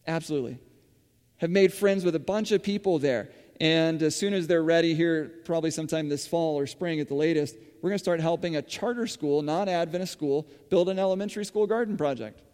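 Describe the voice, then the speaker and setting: A man's voice: on the high side, fairly quick, hardly any pauses, a little mellow, clear, resonant tone. A man giving a conversational sermon, telling stories full of fillers and restarts in a church hall. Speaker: church speaker running a school farm. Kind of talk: sermon-style storytelling. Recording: long hall reverb.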